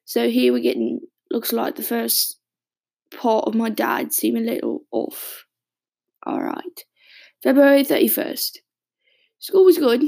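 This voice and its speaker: A woman acts out a raspy, gravelly British man, a longtime smoker, in an audio drama monologue. His voice sits fairly high and has a rough fry, and he talks in hesitant, rambling stops and restarts. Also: mellow. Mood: reading aloud. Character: raspy adult male smoker reading his childhood diary.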